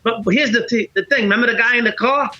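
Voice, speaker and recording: A middle-aged man tells a story as a podcast guest, animated and profane, acting out both sides of the dialogue. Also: very high voice, quick pace. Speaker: podcast guest, former police officer. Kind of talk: casual storytelling in conversation. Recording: dull lo-fi podcast audio.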